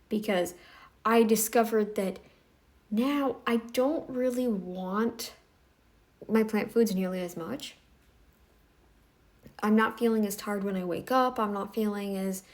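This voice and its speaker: A woman's voice: medium pitch, a little mellow. Blunt scolding woman commentator. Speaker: reaction commentator. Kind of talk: casual commentary.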